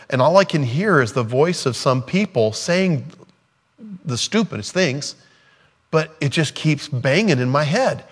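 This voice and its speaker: Male preacher, sermon, conversational and earnest, middle-pitched voice. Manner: acts out scripture dialogue in different voices.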